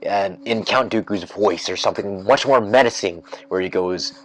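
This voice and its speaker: A man with a lowish voice holds forth on his podcast in a loose, rambling rant. He circles back over his points with plenty of fillers and false starts. His energy climbs and his voice gets louder whenever an idea takes hold. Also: moderate pace. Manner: rambling, heavy with fillers and restarts; grows excited and loud when imagining twists. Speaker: podcast host. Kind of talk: casual rant.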